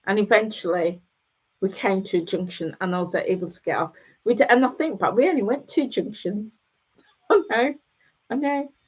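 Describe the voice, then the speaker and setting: A woman's voice: mid-range voice, moderate pace, breathy edge. A middle-aged woman hosting a casual motivational chat with her viewers, encouraging them and repeating phrases for emphasis. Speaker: host. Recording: dull lo-fi sound.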